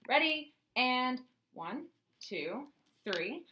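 A woman's voice: sits high, very animated, very slow, sharp tone, voice pushed up, full character voice. A woman voicing a big, bossy male sports coach who barks orders at boys. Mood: barking. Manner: barking orders.

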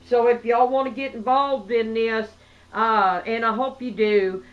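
A woman's voice: fairly high pitch, steady tone, measured pace, narrow, tinny audio. A woman chatting to viewers as she opens a craft gift, gushing and effusive. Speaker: craft vlogger. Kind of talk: casual chat.

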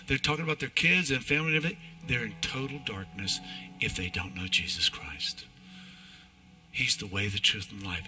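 A male pastor preaching a sermon in church, animated and emphatic, often restarting his phrases. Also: medium pitch, low-quality recording.

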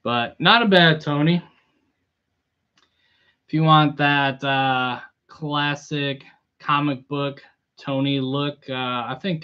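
A man live-streaming a toy unboxing in a relaxed, chatty way, greeting viewers by name. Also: fairly high pitch, takes it slowly, long pauses, clean tone, muffled recording. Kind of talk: casual live-stream chat.

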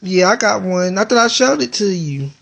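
A woman's voice: medium pitch, animated, moderate pace, vocal fry, fairly bright tone, slightly rough. Woman, live-stream host, casual chat, rambling, swearing, playful, at home, phone mic. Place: indoors at home.

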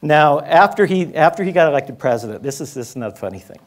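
Man telling a lively story at a talk. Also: fairly high pitch, fast talker. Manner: animated, conversational, with restarts and asides. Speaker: conference speaker. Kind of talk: storytelling lecture. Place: school conference talk.

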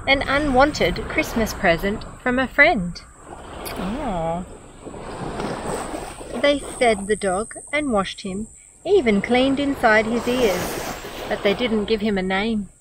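A middle-aged woman with an Australian accent reading a picture book aloud, gently and expressively, pausing to comment on the story. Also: a little high. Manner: gentle, expressive, comments warmly between pages. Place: outdoors by a beach. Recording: outdoor ambient noise with insects.

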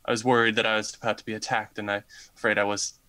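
A man's voice: lowish voice, flat delivery, fast talker, pushed and bright, clear, resonant tone. A man playing his character in a tabletop game, speaking hesitantly with stammers. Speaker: player. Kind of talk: in-character tabletop role-play.

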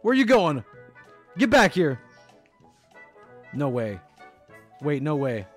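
Young male streamer, high and very lively voice, excitable casual commentary, faint music underneath. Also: takes it slowly. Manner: excitable, animated, swings between loud squeals and mumbles.

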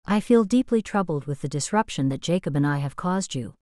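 A strict Amish uncle talks in a firm, controlled tone, keeping his temper in check. His voice sits low and sounds dry and close, as a woman narrator reads him. It comes from a storybook read aloud. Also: animated, brisk, a little mellow, no room sound.

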